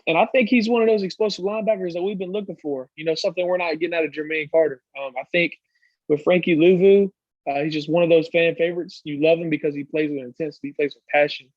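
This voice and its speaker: A man co-hosting a sports podcast, his voice a little higher than most men's. He makes his points earnestly, stopping and restarting with plenty of ums. The mic sounds dull and very dry, with no room at all. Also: fairly even intonation, fast, darkish tone, dry recording. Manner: earnest, lots of ums and restarts while making his case. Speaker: podcast co-host. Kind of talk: casual sports podcast chat.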